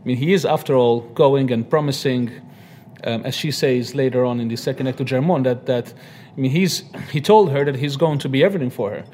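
Halting, joking male singer. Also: mid-range voice, mellow, a little hiss or hum. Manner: halting, jokey, laughs often. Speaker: opera singer. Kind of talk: panel interview.

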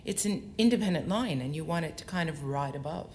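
Low-voiced soprano woman, expressive talk. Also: brisk, slight background noise. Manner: articulate and expressive, explains at length. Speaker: opera soprano. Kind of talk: onstage interview before an audience.

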